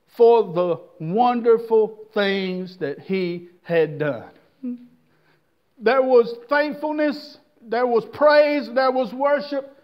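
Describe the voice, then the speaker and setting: Male pastor, very high voice, slow delivery, folksy sermon, dull lo-fi church tape. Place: church service.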